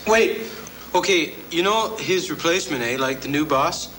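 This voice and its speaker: A man's voice: on the high side, lively intonation, moderate pace, a bit bright, a little hiss or hum, poor audio. An actor playing a dim, lazy young Canadian slacker who whines in slang and tags his lines with "eh". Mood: goofy. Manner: slangy, whiny, ends lines with "eh". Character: dim, lazy young male beer-loving slacker brother. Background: film music.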